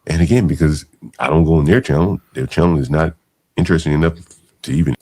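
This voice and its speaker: A man's voice: extremely low pitch, fast talker, a little mellow. A man giving live stream commentary, mocking and incredulous as he reacts to clips.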